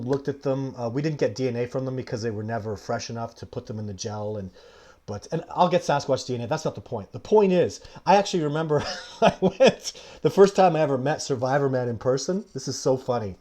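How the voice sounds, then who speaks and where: Chatty man telling a story live. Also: medium pitch. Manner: chatty, greets viewers mid-sentence; animated anecdote telling with frequent laughter. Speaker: live show host.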